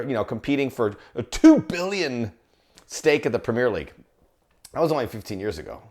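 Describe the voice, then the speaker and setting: A middle-aged man, a soccer broadcaster, talking in a jokey, chatty video monologue. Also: on the high side. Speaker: soccer broadcaster and podcast host.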